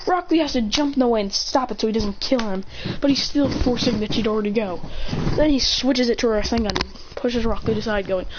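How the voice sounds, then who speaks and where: A woman's voice: a little high, brisk, highs cut off, background noise. A woman casually retelling an action fan story in breathless, run-on sentences.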